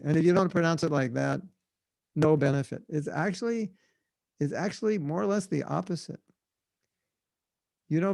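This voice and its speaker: An American man giving a devotional seminar talk over a video call, lively, acting out short quoted voices with frequent laughter. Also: fairly high pitch, creaky, dry recording. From United States. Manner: animated, acts out little quoted voices and laughs often. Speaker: spiritual teacher.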